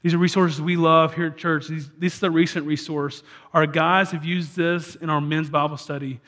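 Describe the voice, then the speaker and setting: A man's voice: on the high side, level tone, normal speed, a bit bright. A man preaching a sermon as a church pastor, talking in a conversational way with frequent restarts.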